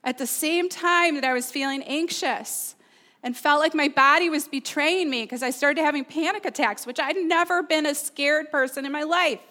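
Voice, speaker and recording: High-voiced woman preaching a sermon. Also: normal speed, sharp tone. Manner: earnest, personal, asks the audience questions. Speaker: pastor.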